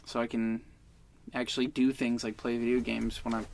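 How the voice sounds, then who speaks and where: Gravelly young man telling a rambling story. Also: medium pitch, level tone, moderate pace, darkish tone. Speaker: podcast guest. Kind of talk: casual chat.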